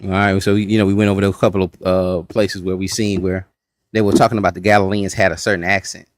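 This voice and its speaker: A man's voice: sits low, level tone, quick pace, dry recording, studio quality. A man teaching a casual Bible study class, folksy and talking straight to the group. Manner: folksy, says y'all, talks to the class. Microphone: streaming setup.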